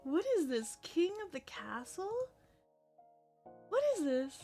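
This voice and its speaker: A woman livestreamer chatting casually with her viewers, excitable and chatty, swearing often. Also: high-pitched, takes it slowly, faint music behind. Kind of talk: casual live-stream chat.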